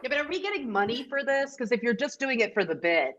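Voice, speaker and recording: A woman's voice: fairly high pitch, lively intonation, fast talker, a bit bright, lo-fi sound. Woman, guest, casual chat, rambling, laughs often. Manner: chatty, laughing, rambling anecdotes.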